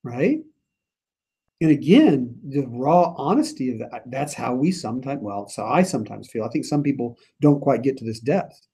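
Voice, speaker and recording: A man's voice: mid-range voice, big pitch swings, normal speed, mellow, slightly rough. A man leading a church Bible study, reading scripture aloud and then paraphrasing it earnestly in his own words. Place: church meeting room.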